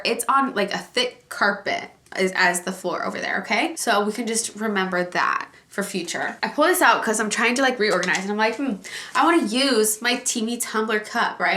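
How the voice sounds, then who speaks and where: A woman vlogger chatting casually to viewers at home, animated and ranting about a pet peeve. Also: medium pitch. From Alaska. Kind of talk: casual vlog chat. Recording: echoey room.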